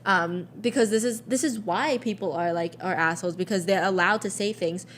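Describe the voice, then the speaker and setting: A woman's voice: medium pitch, a little fast, slight background noise. A young woman co-hosting a podcast, telling stories in a rambling way with many fillers and restarts. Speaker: podcast co-host. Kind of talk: casual chat.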